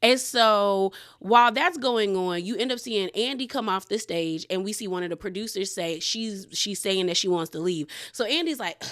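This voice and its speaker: A woman's voice: medium pitch, normal speed, hardly any pauses, fairly bright tone. A woman recapping a reality TV episode in a sassy, slangy way, with mocking asides. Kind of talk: casual reality show recap.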